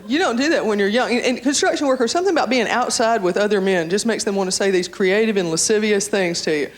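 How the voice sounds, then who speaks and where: A woman in her thirties doing stand-up comedy, brash and sardonic, with sudden high animated outbursts. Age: 30s. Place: comedy club stage. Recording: live club, audience laughter and noise.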